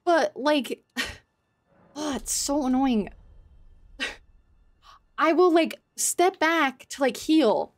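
Slow-talking exasperated woman streamer. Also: high voice, animated. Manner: exasperated, swears, laughs often. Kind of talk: live gameplay commentary.

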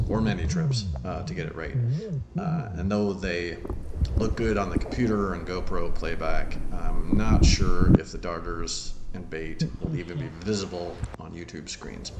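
A man's voice: sits low, roomy sound, very noisy. A man narrating a voice-over with dry, apologetic humor. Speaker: video host narrating.

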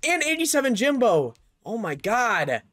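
A young man narrating a video game pack opening, excited and chatty, calling out each card and shouting over big pulls. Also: extremely high pitch, normal speed. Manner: hyped, shouts over big pulls, says "bro" a lot. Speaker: gaming YouTuber.

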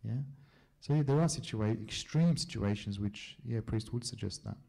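Gravelly, husky-voiced priest, a man talking. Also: fairly low pitch, warm tone. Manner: chatty storyteller, often checks in with a quick "yeah?". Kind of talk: casual Q&A talk to a church group.

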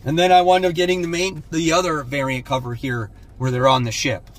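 A man's voice: fairly high pitch, level tone, a little fast. A man hosting a casual comic haul video, laid-back and blunt, often tacking "man" onto his sentences. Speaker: comic book channel host.

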